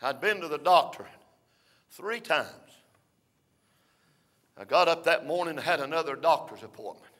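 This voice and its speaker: An older man preaching a folksy storytelling sermon, rising to shouts between drawn-out "uh" phrases. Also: a little high, lively intonation.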